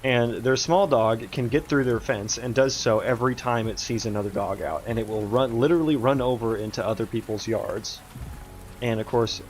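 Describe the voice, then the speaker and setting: Casual male streamer, mid-pitched, muttering through his code at home. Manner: rambling, self-talking, halting with fillers. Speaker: game developer streaming his work. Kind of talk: casual livestream, thinking aloud while coding.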